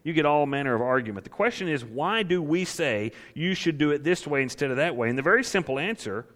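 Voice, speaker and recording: A man's voice: fairly high pitch, animated, fast talker, a bit bright. Man preaching with pointed rhetorical questions. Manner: emphatic, stacks rhetorical questions. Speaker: preacher teaching the Psalms. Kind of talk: conversational sermon.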